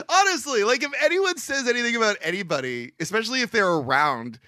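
A man's voice: sits high, expressive, a little fast, pushed and bright, dry recording, studio quality. A man co-hosting a podcast, reacting casually and laughing often as his friend tells a story. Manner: giggly, reacts with exclamations. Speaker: podcast co-host.

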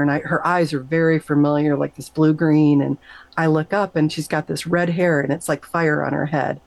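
A middle-aged woman, a nurse, telling an emotional personal story in an interview, animated and emphatic, her voice leaping up whenever she quotes herself. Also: moderate pace, creaky, no echo, poor audio. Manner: animated, emphatic, jumps high when quoting herself. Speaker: guest, nurse.

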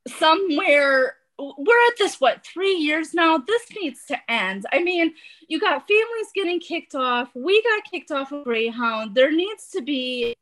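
A woman with a high, bright voice speaks on a video call. She talks quickly and emphatically, and she sounds fed up. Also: big pitch swings, low-quality recording. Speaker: guest parent. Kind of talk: casual chat.

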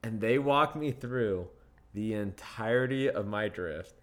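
This young podcast guest has a lowish, slightly slow voice. Chatting casually, he's an animated storyteller who performs other people's lines and laughs a lot.

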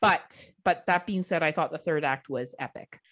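A woman's voice: low voice, normal speed, a bit bright. A woman from Ontario, Canada hosting a horror podcast, chatting casually, laughing often and swearing freely. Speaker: podcast host. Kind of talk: casual chat.

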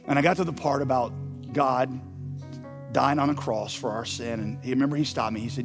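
A male pastor preaching a sermon, telling a story that swings from hushed to loud and emphatic. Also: medium pitch, fairly even intonation, brisk, over music.

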